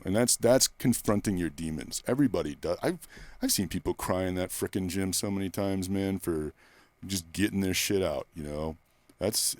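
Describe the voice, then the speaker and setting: A male personal trainer with a voice that sits low talks bluntly and profanely in a candid interview, wandering through stories. He is near the microphone in a quiet room, with no room sound.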